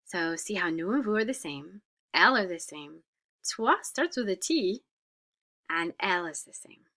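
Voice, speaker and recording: A woman's voice: fairly low pitch, sing-song, moderate pace, bright, forceful tone. A woman French teacher explaining grammar in a recorded lesson, patient, with frequent "uh" fillers and whispered examples.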